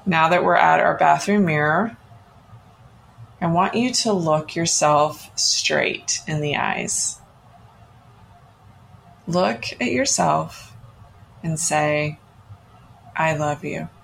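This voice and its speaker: Slow, gravelly-voiced woman guiding an exercise. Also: deep voice, slight background noise. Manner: gentle and encouraging, coaching the listener. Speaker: podcast host. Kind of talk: guided self-love exercise.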